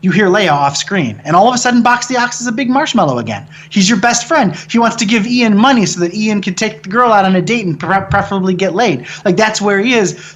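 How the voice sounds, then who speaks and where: A man, a film director, telling stories in a casual interview, excitable and cursing freely as he jokes. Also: high voice. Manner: excitable, swears freely, jokey storytelling.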